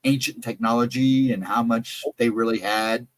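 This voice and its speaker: A man's voice: mid-range voice, steady tone, normal speed, no echo. Guy hosting a chill late night stream, rambly, laughs a lot, dry close mic. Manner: rambling, easygoing, laughs often. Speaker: host. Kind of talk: casual livestream chat.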